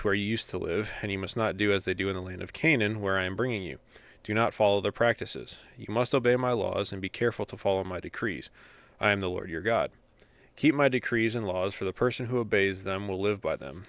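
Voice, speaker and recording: A young man hosts a casual daily Bible podcast, talking loosely with fillers before reading scripture in a steady voice. His voice sits low with a gravelly edge. It is smooth and clear, recorded close in a dry space. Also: fairly quick, dry recording.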